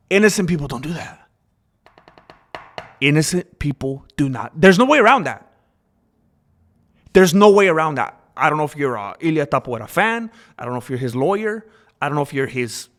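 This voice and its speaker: A man hosting a casual opinion commentary, talking in an animated, repetitive way and acting out the voices of people he quotes. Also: fairly high pitch. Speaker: commentary channel host.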